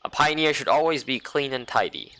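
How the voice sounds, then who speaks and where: A man voicing a bossy female summer camp leader who gives brisk, motherly orders. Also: medium pitch, animated, bright, forceful tone, a little hiss or hum. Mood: bossy cheerful.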